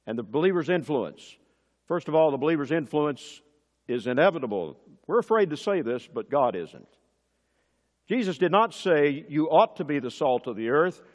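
A man preaching a sermon as pastor, building to emphatic, forceful peaks and dropping back to quiet asides. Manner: emphatic preaching with sudden rises in pitch and force. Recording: long hall reverb.

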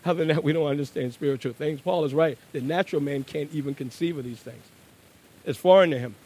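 During his sermon, a preacher moves from a quiet, low hush up to loud, forceful outbursts, stretching out the important words.

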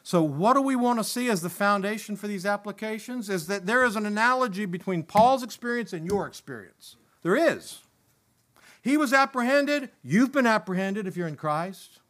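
Male preacher with a high voice, impassioned sermon delivery, building to emphatic peaks. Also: animated, moderate pace, fairly bright tone. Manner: impassioned, rising to emphatic peaks and dropping low.

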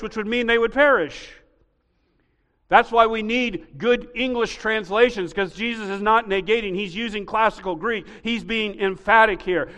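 A male pastor delivers a sermon in a high voice at an unhurried pace. He explains patiently, then drives his point home with loud, emphatic stresses. The sound carries a long reverb from a large church room. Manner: emphatic, teaching, rising to loud stressed peaks. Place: church sanctuary.

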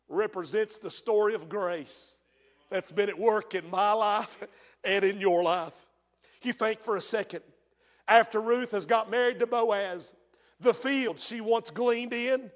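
A man preaching a sermon as pastor. He tells the story in hushed tones and then bursts into shouts. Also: sits high, unhurried. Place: church. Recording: long reverb of a church hall.

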